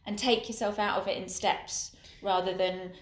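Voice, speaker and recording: A woman's voice: medium pitch, fairly even intonation, normal speed. A woman in casual podcast conversation, chatty, checking in with "do you know what I mean". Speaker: podcast co-host. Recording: roomy echo.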